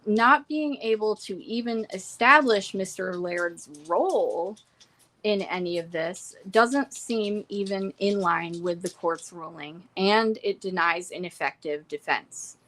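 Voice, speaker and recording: A young woman talks through her courtroom notes in a relaxed, chatty way. She reads out quotes from the hearing and drops in quick asides of her own, speaking from a room at home. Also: mid-range voice. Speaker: trial reporter. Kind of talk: casual trial recap from notes.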